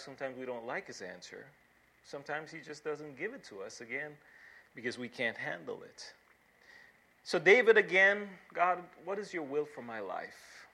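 A man delivers a sermon as a pastor, his voice sitting a little high and ringing bright and forceful. He reads scripture aloud and presses his points by repeating words and building emphasis. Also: vocal fry, husky.

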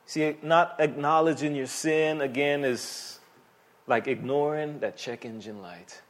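A man's voice: a little high, a little slow. Emphatic male pastor preaching. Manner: animated, emphatic preaching with vivid asides. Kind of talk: sermon.

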